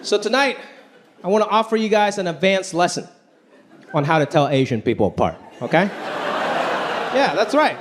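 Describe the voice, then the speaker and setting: A man doing a stand-up comedy set in a club, talking in an animated way and acting out other people's voices. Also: sits high, normal speed, pauses often, a crowd in the background, noisy background. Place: comedy club stage before a live audience. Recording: live club recording with loud audience laughter. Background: audience laughter.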